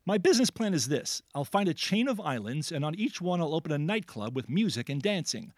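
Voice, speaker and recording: Quiz host, male, playful and jokey, lively pitch, dry studio sound. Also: fairly quick, no echo. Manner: animated, jokey, laughs often. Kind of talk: playful radio word quiz.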